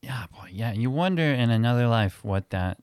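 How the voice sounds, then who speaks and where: A man's voice: mid-range voice, expressive, moderate pace, a little mellow, no echo, studio quality. A man hosting a casual podcast chat, chiming in with wry, laughing remarks. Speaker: podcast host.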